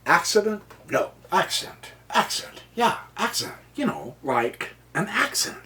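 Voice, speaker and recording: A man's voice: high voice, big pitch swings, measured pace, hardly any pauses, bright, forceful tone. A tired American man giving a casual chess lesson, rambling and joking to himself between points. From United States. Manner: rambling, jokey asides, mutters to himself. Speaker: chess teacher.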